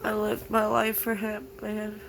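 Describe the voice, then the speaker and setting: A young woman vlogging through tears, halting and grief-stricken, with many "like" fillers. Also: medium pitch, completely flat delivery, gravelly, background noise. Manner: halting, full of "like" fillers, grieving. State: tearful. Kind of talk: personal confessional vlog.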